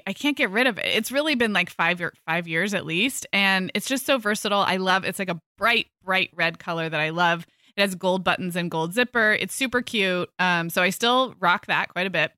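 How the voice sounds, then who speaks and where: An upbeat, chatty woman co-host talks with a bright, crisp edge to her voice. The recording is dry and close. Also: lowish voice, fairly quick, few pauses, no echo. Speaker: podcast co-host. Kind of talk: casual chat.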